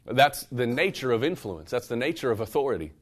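A pastor with a medium-pitched voice talks a little fast during a sermon before a live church audience. He addresses the room directly in an animated, conversational way, trading loud emphatic bursts for quieter, intimate moments.

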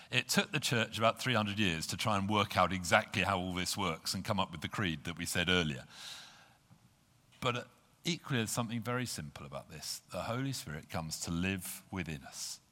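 A man's voice: deep voice, fairly quick, sharp tone. A man preaching an earnest sermon to a congregation, reading scripture aloud. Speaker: pastor. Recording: long hall reverb.

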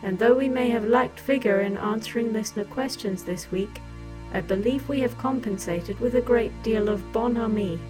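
A woman's voice: fairly high pitch, normal speed, darkish tone, faint music behind, poor audio. A woman co-hosting a comedy podcast, asking questions and closing the show in a stiff, formal, mock-serious way. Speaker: co-host interviewer.

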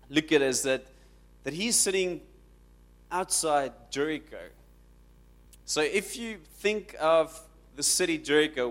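Male pastor, fairly high voice, sermon style with dramatic loud swells. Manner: dramatic, rising to shouts when quoting.

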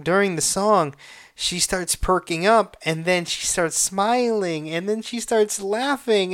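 A man hosting a casual solo podcast, retelling a movie with heavy swearing and halting restarts, emotional and excitable. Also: high-pitched, smooth. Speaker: podcast host.

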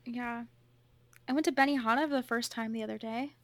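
Bright, bubbly Californian woman co-host. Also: on the high side, brisk, no echo. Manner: bubbly, expressive, swears freely. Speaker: podcast co-host. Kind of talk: casual podcast chat.

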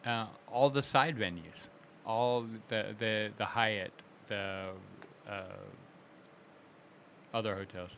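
A man chatting on a panel, animated and quick to laugh, often restarting his sentences. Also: on the low side, slight background noise. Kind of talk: casual panel chat.

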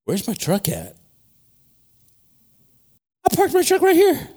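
A man preaching a sermon, dropping to quiet, conversational asides and then rising to loud, emphatic shouts, with laughter along the way. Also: very high-pitched, takes it slowly. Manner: animated, with laughter and restarts. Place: church.

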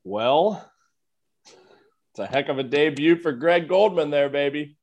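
A man's voice: on the high side, unhurried, lo-fi sound, noisy background. A man hosting a podcast in casual chat, introducing segments in a mock announcer style. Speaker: podcast host.

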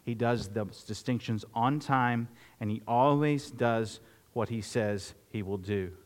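A man preaching an expository sermon, reading scripture with rising intensity and breaking into conversational asides. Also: measured pace. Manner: earnest, rises in pitch and volume when reading scripture aloud. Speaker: pastor.

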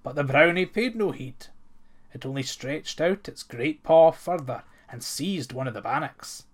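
A man reading an old folktale aloud as narrator, steady and expressive. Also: on the high side, unhurried.

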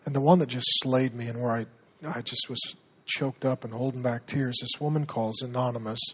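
Husky middle-aged male pastor; earnest sermon delivery with hushed storytelling. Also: mid-range voice, fairly even intonation, a little fast. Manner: earnest, drops to a hushed tone when telling stories.

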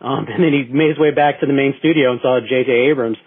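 A man's voice: mid-range voice, steady tone, quick pace, husky. A man co-hosting a casual talk show, telling a long story with lots of restarts and fillers. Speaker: podcast co-host. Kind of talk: casual chat. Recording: tinny phone-like internet radio sound.

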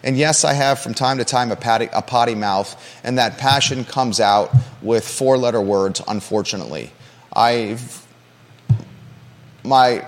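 A man's voice: medium pitch, long reverb tail. A man hosting a live local talk show from a studio, passionate and emphatic, often repeating his key points.

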